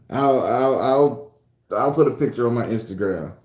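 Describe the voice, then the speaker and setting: A man's voice: mid-range voice, a little mellow, echoey room. Profane joking man livestreaming. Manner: loose, profane, joking storytelling. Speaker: livestream host reading viewer comments. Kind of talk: casual livestream chat. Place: room at home.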